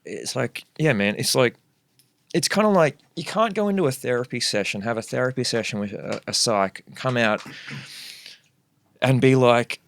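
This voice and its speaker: A man's voice: medium pitch, expressive, moderate pace, gravelly, a bit bright, dry recording. A young man talking as a guest MC on a casual podcast, earnest and rambling as he thinks aloud.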